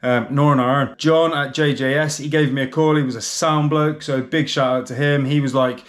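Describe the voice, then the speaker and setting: A man's voice: mid-range voice, steady tone, fairly quick. Chatty male car vlogger. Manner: chatty, chummy, rambling asides. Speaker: channel host. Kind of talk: casual vlog chat.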